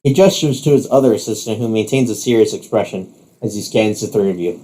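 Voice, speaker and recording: A man narrating a second-person story in a steady, descriptive way. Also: on the low side, fast talker.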